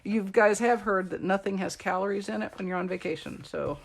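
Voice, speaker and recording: A woman's voice: mid-range voice, normal speed, creaky. A middle-aged woman chatting and joking with viewers while she shows how to make a card. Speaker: card-making demonstrator. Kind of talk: live-streamed craft tutorial chat.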